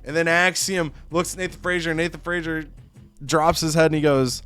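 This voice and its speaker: A man's voice: a little high, flat delivery, a little fast, a bit bright, clean tone, faint music behind. A man casually retelling a wrestling game session, with lots of "you know" and "like" fillers. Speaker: let's-play co-host. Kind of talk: casual game recap storytelling.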